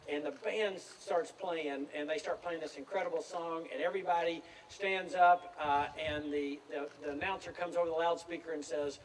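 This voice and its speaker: A man's voice: a little high, normal speed, hardly any pauses, slight background noise. A man of around 60, speaking outdoors at a graduation and telling self-deprecating stories in an easygoing way. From Tennessee, USA. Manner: relaxed, anecdotal, self-deprecating storytelling. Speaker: commencement speaker. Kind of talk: outdoor commencement speech. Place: outdoor field at a graduation ceremony. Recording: distant speech with faint outdoor ambience.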